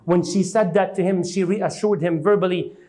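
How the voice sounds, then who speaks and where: A man's voice: high voice, fairly even intonation, moderate pace, dark tone. A man lecturing on a religious history, retelling it dramatically and asking the audience questions as he goes. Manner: dramatic retelling, voices the people in the story. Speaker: Islamic lecturer. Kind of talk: storytelling lecture.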